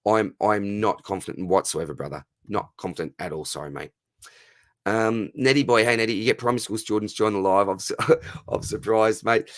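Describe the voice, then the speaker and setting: Matey Australian man, hoarse, dry sound. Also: lowish voice, fairly quick, a bit bright, dry recording. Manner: matey and friendly, calls viewers mate and brother. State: voice going hoarse. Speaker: livestream host answering fantasy football questions. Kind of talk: casual live Q&A chat.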